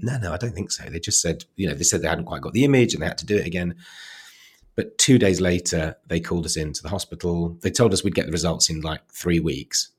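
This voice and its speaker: A man telling a personal story of loss in a podcast interview, reflective and quiet, often halting as he recalls hard moments. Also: sits low, breathy edge. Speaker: guest.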